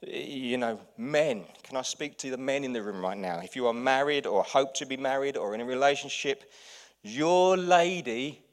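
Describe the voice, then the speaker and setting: A man, a pastor, preaching a lively sermon full of anecdotes, dropping to quiet asides and then rising to loud outbursts. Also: medium pitch, normal speed.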